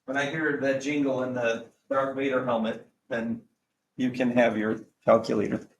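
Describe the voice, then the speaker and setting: A man's voice: medium pitch, level tone, normal speed, a little hiss or hum. A male math teacher talking a class through calculator work, chatty and joking, with exasperated asides. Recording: echoey classroom with faint background ambience.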